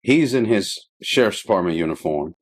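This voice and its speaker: A middle-aged man from the Middle East tells a long anecdote on a podcast in a very low, deep voice. He is chatty and loose, laughing often between lines and wandering through fillers as he goes. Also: lively intonation, moderate pace. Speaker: podcast guest. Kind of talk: casual storytelling.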